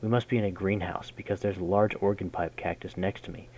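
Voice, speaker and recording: A man reading a game's story text aloud in a measured way, breaking in with casual, slangy jokes as a gaming host. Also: deep voice, steady tone, a little mellow, slight background noise, poor audio. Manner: measured narration broken by casual slangy comments. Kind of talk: reading game text aloud with jokey asides.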